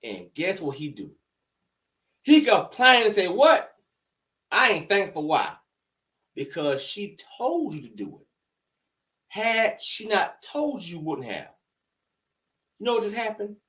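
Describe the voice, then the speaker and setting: A man with a high, swooping voice rants straight to camera in a heated, argumentative way. He fires off rhetorical questions one after another, and his pitch rises and falls widely as he pushes his point. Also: huge pitch swings, unhurried, long pauses, fairly bright tone, far from the mic. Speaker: online commentator. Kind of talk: heated opinion rant to camera. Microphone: camera-facing recording.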